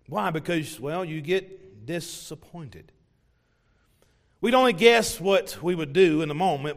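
High-voiced preacher in a reverberant church. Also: male voice. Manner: conversational, joking with congregation, acts out voices. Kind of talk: evening sermon. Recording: long hall reverb.

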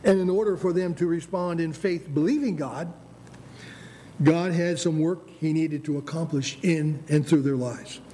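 At normal speed, an older American man preaches in a relaxed, fairly high and mellow voice. He pushes his points, restarts phrases, and calls out "Amen?" as low background noise rumbles faintly.

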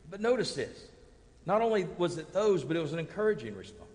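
High-voiced preacher in a reverberant church. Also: male voice, quick pace. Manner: animated preaching, swinging from hushed to booming. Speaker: pastor. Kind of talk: sermon. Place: church sanctuary. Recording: long hall reverb from a sanctuary.

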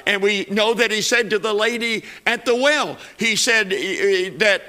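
A man's voice: high voice, normal speed, bright, forceful tone, clear, resonant tone. A man preaching a sermon, building to emphatic peaks and repeating phrases as he goes.

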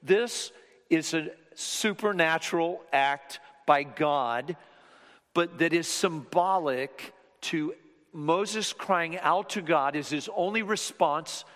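A fairly high-voiced man delivers a sermon in a church, his voice ringing with long reverb through the hall. He swings from emphatic, raised passages down to near whispers. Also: takes it slowly. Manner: dynamic, swinging from loud to hushed whispers. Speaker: pastor.

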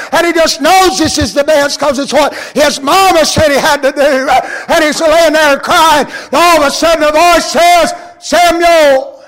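A man preaching a sermon as a story, rising to cries and dropping to hushed tones. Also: very high voice, rough recording. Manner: dramatic, swings between loud cries and hushed near-whispers.

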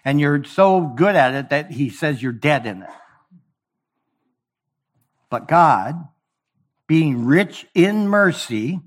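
Emphatic male preacher, slightly high voice. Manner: emphatic, repeats key phrases, acts out dialogues. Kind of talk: sermon.

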